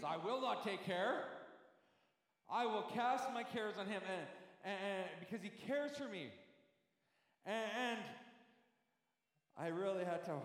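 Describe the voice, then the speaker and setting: A man with a high voice delivers a heartfelt, rambling sermon that climbs into fervent praise. His words repeat and stumble as he goes. The recording rings with long, heavy reverb from a large hall. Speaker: pastor.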